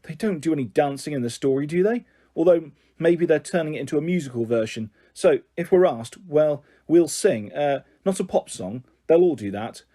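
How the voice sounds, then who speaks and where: A man's voice: a little high, expressive, moderate pace, mellow. A man reading aloud, voicing a pushy, relentless young girl who bosses her twin sister. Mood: bossy. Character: bossy determined girl twin Ruby.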